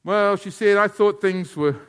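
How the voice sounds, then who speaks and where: A male preacher, his voice pitched high and ringing bright. He delivers a sermon full of anecdotes, calling on listeners by name. He sinks into near-hushed tones, then climbs to shouted peaks. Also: unhurried, clear, resonant tone. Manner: swings from soft, hushed passages to loud, shouted climaxes.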